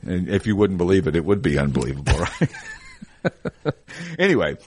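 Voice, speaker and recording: A man's voice: deep voice, wildly swooping pitch, moderate pace, slight background noise. A man in his fifties with grandkids, hosting a casual car dealership talk show, rambling and joking and laughing at his own gags.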